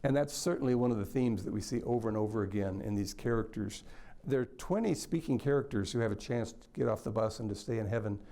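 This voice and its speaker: Male scholar talking through a book, gravelly and mellow, thoughtful with lots of uhs. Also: medium pitch. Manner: thoughtful, explanatory, with ums. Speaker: literature scholar. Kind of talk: lecture-style talk.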